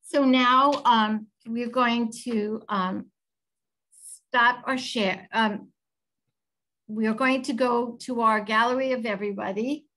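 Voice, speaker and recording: A woman's voice: on the high side, steady tone, slow pace, fairly bright tone, poor audio. A middle-aged woman, a healthy chef, giving an earnest, effusive nutrition lecture over a video call, with many "um"s.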